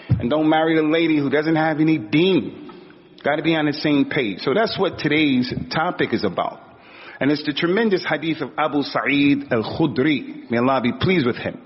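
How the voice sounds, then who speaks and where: A man delivering a sermon in a loose, street-casual tone, his voice reaching up high whenever he acts out what people said. His voice sits a bit high for a man. The audio is dull and lo-fi, with a long reverb trailing off the walls. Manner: casual colloquial storytelling, voice climbs when acting out quotes. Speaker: Islamic preacher.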